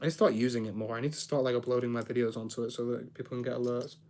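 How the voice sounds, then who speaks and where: A man's voice: medium pitch, steady tone, rapid-fire, darkish tone. A young man chatting casually on a live stream while he builds, rambling, reacting to chat and tripping over his words.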